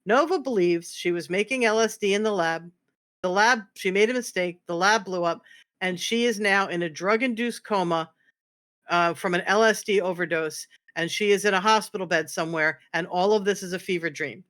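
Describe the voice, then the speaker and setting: A bright, forward voice tumbles through a casual roleplay recap. The speaker swears freely, restarts sentences and repeats points for emphasis. The pitch sits mid-range. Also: moderate pace. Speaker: roleplay streamer guest.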